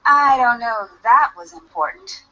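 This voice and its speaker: A polite, determined young woman detective, speaking in a matter-of-fact way. Her voice is bright and a bit high. The audio is dull and lo-fi. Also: lively intonation, normal speed, a little hiss or hum.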